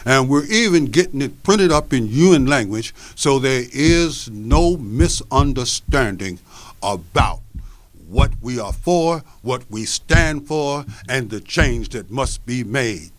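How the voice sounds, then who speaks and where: A man's voice: medium pitch, animated, slow. A man voicing a determined male pit bull who firmly announces a plan to other dogs. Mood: resolute. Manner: firm, rallying declarations.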